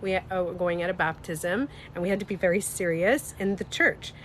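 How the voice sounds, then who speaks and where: Woman vlogger, candid livestream chat, animated and sweary, faint noise behind. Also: on the low side, moderate pace. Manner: candid, animated, swears freely, laughs often. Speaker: beauty coach and vlogger.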